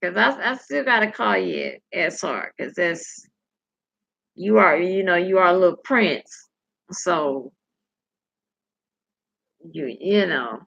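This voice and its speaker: Slow, gravelly woman in casual chat. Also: lowish voice, animated, a bit bright. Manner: candid and salty, tells stories with profanity; chatty, addresses viewers directly. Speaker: livestream host reading viewer comments. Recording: dull lo-fi recording.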